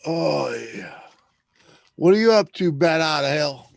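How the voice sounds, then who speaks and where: A man's voice: on the high side, expressive, vocal fry, no echo. Laid-back man with a dry sound. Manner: laid-back, quick short responses. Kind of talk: casual chat on a live stream.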